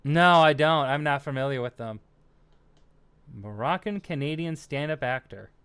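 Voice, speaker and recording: At normal speed, a smooth, slightly bright, fairly high male voice carries a young American's casual stream chat. He works through viewer comments, rambling, laughing, leaning on fillers, and making fun of himself.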